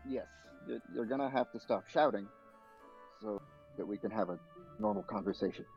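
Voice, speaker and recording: A man's voice: mid-range voice, very animated, normal speed, vocal fry, lo-fi sound, faint music behind. A man playing a tabletop game, speaking in a hesitant, easygoing way. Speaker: player.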